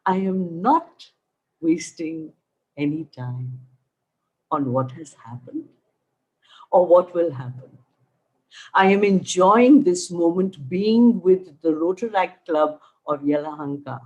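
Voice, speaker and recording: A middle-aged Indian woman tells her survivor's story with a husky, lowish voice. She speaks slowly and deliberately, and her pitch swoops widely as she acts out each exchange. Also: muffled recording. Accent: Indian English. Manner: animated, acts out dialogue, emphatic. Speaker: cancer survivor guest speaker. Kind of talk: motivational storytelling talk.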